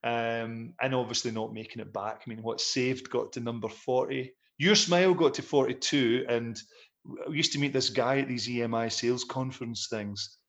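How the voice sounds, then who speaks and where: Reflecting on his career as a musician, a middle-aged man tells rambling, self-deprecating stories as a guest in a casual interview. He speaks at an ordinary pitch for a man, with fairly even intonation at a moderate pace, and the sound is a bit bright.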